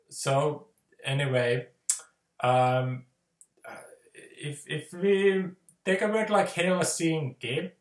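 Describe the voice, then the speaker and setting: A man's voice: on the high side, roomy sound. A man with a Finnish accent teaching pronunciation in a casual, hesitant way, with many filler sounds. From Finland. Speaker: language teacher. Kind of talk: casual spoken lesson.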